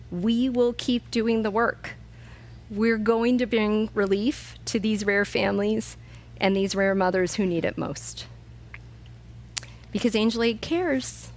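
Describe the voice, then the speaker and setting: A woman hosting a charity awards ceremony, speaking in a heartfelt, emotional way. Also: a little high. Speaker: charity event host.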